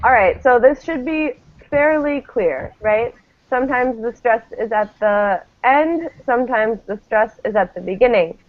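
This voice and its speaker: A woman teacher leads a classroom pronunciation drill in a slow, patient way. Her voice sits fairly high. The recording is thin and phone-like. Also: animated. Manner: patient, models each word clearly. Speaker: English teacher.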